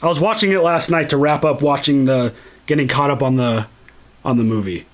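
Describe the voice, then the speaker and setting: A man hosting a solo podcast, talking casually and excitedly, swearing a lot and acting out lines from movies. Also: mid-range voice, brisk. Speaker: podcast host.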